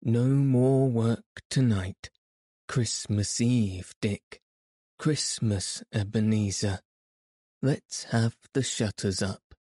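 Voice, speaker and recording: A man voicing a jolly, portly old male merchant in an audiobook reading, calling out loudly and cheerfully. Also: takes it slowly, no echo, clean studio sound. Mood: jovial shouting. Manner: booming, cheerful calls.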